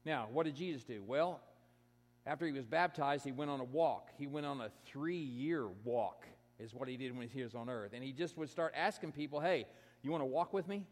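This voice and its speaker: A man's voice: mid-range voice, normal speed. Man preaching in an echoing hall. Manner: conversational preaching with frequent restarts, dropping to a hush for emphasis. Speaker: pastor. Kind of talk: sermon.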